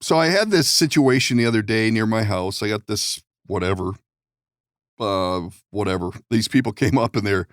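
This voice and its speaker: A man's voice: fairly low pitch, normal speed, dry recording, studio quality. Laughing, rambling male podcast host. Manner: rambling storyteller, laughs often, swears. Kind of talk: casual chat.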